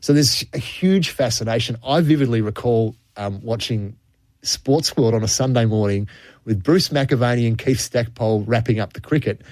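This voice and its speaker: A man's voice: mid-range voice, moderate pace, darkish tone, no room sound. An Australian man spins cricket history stories in a loose, easy radio chat. He chuckles now and then and restarts his sentences. His voice sits close and dry, with no room sound around it. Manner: storytelling, chuckles often, with frequent restarts.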